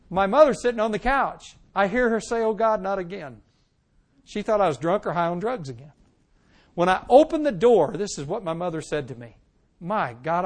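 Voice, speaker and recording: A high-voiced man gives his testimony from the pulpit. His storytelling is animated, rising loud and dropping to a hush, and he acts out every line he quotes. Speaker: preacher giving his testimony. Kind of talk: sermon testimony.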